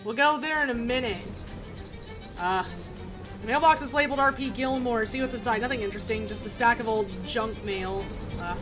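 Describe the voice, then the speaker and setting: A woman streamer playing a game, reading its text aloud in a chatty, giggly, halting way. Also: a little high, over music.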